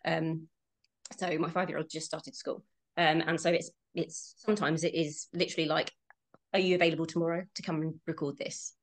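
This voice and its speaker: A woman's voice: low-pitched, flat delivery, brisk. A British woman in her thirties, a voice actress guest, chatting casually in an interview, friendly and often laughing between fillers.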